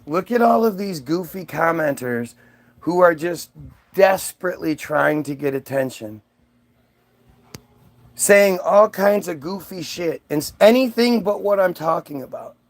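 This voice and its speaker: A man ranting on his own channel in a rambling, profane way, restarting his sentences often. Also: sits high. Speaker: vlogger. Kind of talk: ranting monologue.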